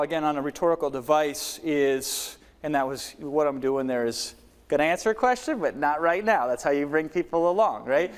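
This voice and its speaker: Male sales trainer, lively delivery that keeps shifting loud and soft, fast and slow, fairly high voice, long hall echo. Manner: dramatic shifts in volume, pace and pitch to demonstrate delivery. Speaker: webinar trainer. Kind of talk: live workshop teaching.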